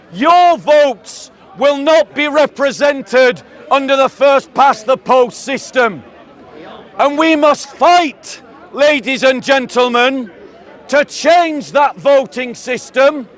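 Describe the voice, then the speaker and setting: A man with a southern English accent, giving a declamatory public speech to a crowd outdoors and calling them ladies and gentlemen. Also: very high voice. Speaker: street preacher.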